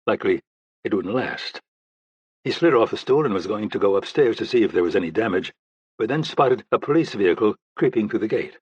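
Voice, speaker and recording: Low, husky male audiobook narrator. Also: expressive, fairly quick, dry recording, lo-fi sound. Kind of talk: scripted thriller narration.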